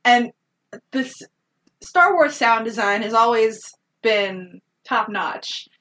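A woman's voice: a little high, expressive, slow pace, a bit bright. A woman trades jokes in a casual movie recap, dry and sarcastic, cursing freely and laughing between lines. Her voice sits back from the microphone, a little distant in the mix. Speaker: podcast co-host.

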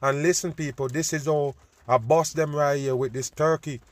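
A man giving a loud, preachy, profane rant over news clips, repeatedly addressing his listeners as people. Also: a little high, fairly even intonation, moderate pace, no room sound. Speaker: host.

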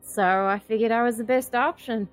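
A woman's voice: on the high side, steady tone, normal speed, faint music behind, close to an everyday voice. A woman playing a blunt, tough adventurer. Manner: blunt, matter-of-fact.

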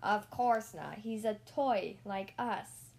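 A woman reading a storybook aloud and voicing a worried, bossy male cowboy toy who speaks in urgent, hushed tones. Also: medium pitch, slow pace, vocal fry, a little hiss or hum. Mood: dismissive.

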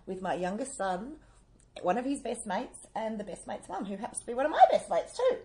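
A woman's voice: fairly high pitch, very animated, a little fast, dark tone. A woman, co-hosting a casual chat show and telling stories, often laughing as she talks. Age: 40s. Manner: chatty storyteller, laughs while telling stories. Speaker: podcast co-host.

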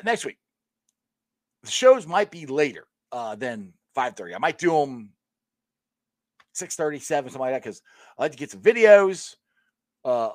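Middle-aged man, sports vlog host, animated rambling delivery, dry close sound. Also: medium pitch, no room sound. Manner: chatty, rambling, laughs often. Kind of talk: casual talk to viewers.

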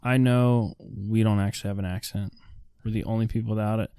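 A man's voice: lowish voice, fairly even intonation, fairly quick, mellow, clean tone, no room sound, studio quality. A man from the northeastern United States in a casual chat about a movie, joking and acting out characters' lines. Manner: playful, jokey, acts out characters' lines. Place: indoor room near a heater.

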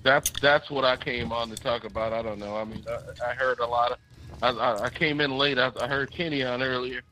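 A man's voice: medium pitch, fairly even intonation, brisk, pushed and bright, slight background noise, rough recording. A man calling in to a talk show, chatting casually and rambling with laughs between phrases. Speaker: caller. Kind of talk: casual call-in chat.

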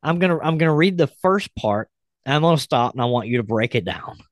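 A man's voice: mid-range voice, expressive, fairly quick, no room sound, studio quality. Blunt, wry male podcast host. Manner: wry, blunt, laughs while reading. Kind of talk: casual chat, reading a post aloud.

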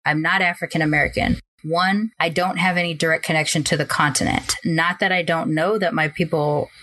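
A woman talking as a guest on a casual podcast, telling her story in a reflective, measured way. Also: deep voice, steady tone, pushed and bright, no echo.

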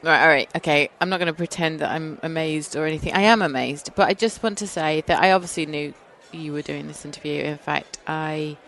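A woman's voice: low-pitched, fairly quick, hardly any pauses, a bit bright, a little hiss or hum. A woman co-hosting a casual podcast chat, teasing and giggly. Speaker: podcast co-host.

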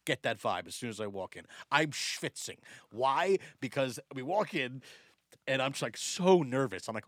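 A man telling a story in casual podcast talk, profane and animated, laughing often. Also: mid-range voice, normal speed, dry recording. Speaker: podcast guest.

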